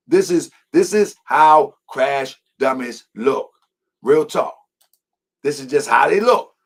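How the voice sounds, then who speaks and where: A man's voice: a little high, gravelly. A man hosting a heated commentary, repeating his points emphatically and confrontationally. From Baltimore, US. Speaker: host.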